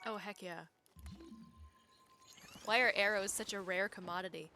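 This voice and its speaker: A woman in her twenties from Wisconsin with a light Midwestern accent, chatting excitedly with her viewers and laughing often while she streams a game on a desk mic. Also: mid-range voice, measured pace, soft background music. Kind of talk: casual live-stream chat while playing.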